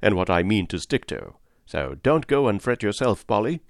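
Honest, devout cabman voiced by a male reader, low and plain-spoken, dry booth sound. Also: sing-song, normal speed, gravelly, dry recording. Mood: reassuring. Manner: earnest, respectful, plain-spoken. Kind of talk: audiobook character reading.

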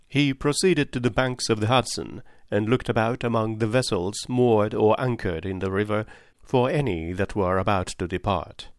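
An audiobook narrator with a fairly low voice reads a classic adventure novel in a steady, measured, scripted way. The recording is dry and of studio quality.

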